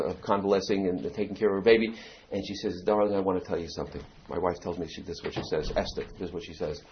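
A middle-aged man gives a storytelling talk to his community. He acts out anecdotes and leans on "you know" fillers. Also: fairly low pitch. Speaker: community speaker. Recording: dull lo-fi recording.

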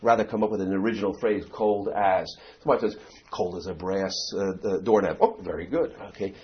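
Speaking low and a little fast with fairly even intonation, a middle-aged man tells stories to his community. He acts out his anecdotes and keeps filling gaps with "you know," all captured on a dull lo-fi recording.

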